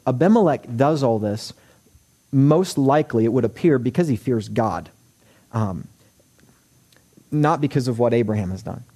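A man's voice: medium pitch, mellow. A man preaching a sermon, earnest and emphatic, with rising exhortations. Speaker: pastor.

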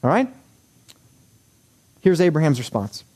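Guy pastor preaching, kinda high voice, lively, does little voices for quotes, jokey. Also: unhurried. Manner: animated, acts out quoted voices, wry humor. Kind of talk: sermon.

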